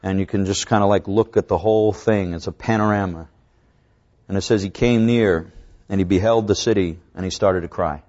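A man preaching a sermon, reading scripture slowly and swinging between raised, urgent lines and low, hushed ones. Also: steady tone. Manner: preaching with dramatic rises and drops; slows down to draw out scripture quotes. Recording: dull lo-fi recording.

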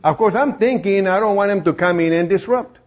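A man with a high voice preaches from the pulpit, telling his story in a lively way and playing out the voices of the people in it. The recording is dull and lo-fi. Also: fairly quick. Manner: storytelling, acts out quoted voices, laughs often. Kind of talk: sermon testimony.

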